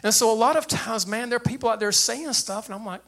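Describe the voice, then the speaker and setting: Bright, high-voiced older man preaching. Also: fast. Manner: animated preacher with a light, high voice and plain speech. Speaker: pastor. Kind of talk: sermon.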